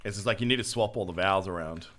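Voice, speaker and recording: A young man streaming a game, chatting casually with a relaxed, joking manner and casual swearing. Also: low-pitched, rapid-fire. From Australia. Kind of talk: casual gameplay chat.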